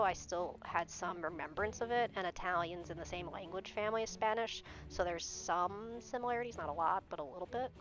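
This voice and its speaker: A young woman streamer chatting casually in a lowish voice, blunt and quick to swear. The stream audio is dull and lo-fi, with faint music underneath. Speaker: game streamer. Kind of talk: casual chat.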